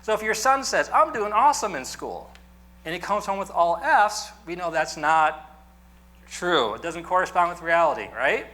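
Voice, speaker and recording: Man teacher, bright voice, chatty lecture style with jokes and questions to the class. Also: sits high, expressive, normal speed. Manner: conversational, joking, asks the class questions.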